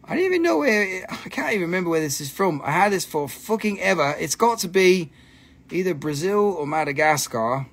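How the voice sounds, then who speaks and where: Excitable cussing man hosting a live sale. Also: sits high, brisk, slightly rough. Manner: excitable, profane, joking with viewers. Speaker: host selling minerals on a livestream. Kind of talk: casual live sales chat.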